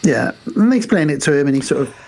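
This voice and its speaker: A man co-hosting a podcast, casually retelling film scenes and acting out the characters' lines in quick snatches. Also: a little high, very animated, darkish tone. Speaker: podcast co-host. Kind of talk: casual film review chat.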